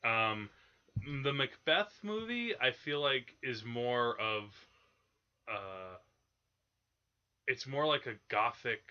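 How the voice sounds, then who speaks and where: A man with a medium-pitched, sharp voice hosts a casual film podcast about old movies, rambling with lots of fillers and restarts. The audio is dull.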